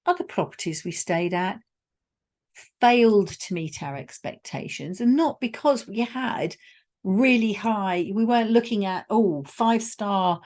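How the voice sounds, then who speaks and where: A woman's voice: mid-range voice, animated, unhurried, a little mellow. A woman hosting a solo podcast, telling a personal travel story in a conversational way with wry asides. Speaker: podcast host.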